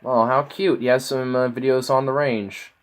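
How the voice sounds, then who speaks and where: A man's voice: medium pitch, little pitch movement, moderate pace. A man casually reacting to online videos, mocking and incredulous, swearing freely as he clicks through.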